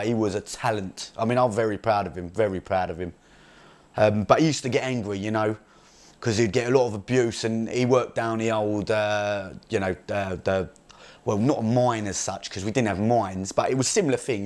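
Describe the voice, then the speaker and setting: A man's voice: lowish voice, lightly acted. A man playing a brash, crude young male chav from Essex, rambling boastfully in an improvised comedy monologue with an Essex accent. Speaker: comedy character.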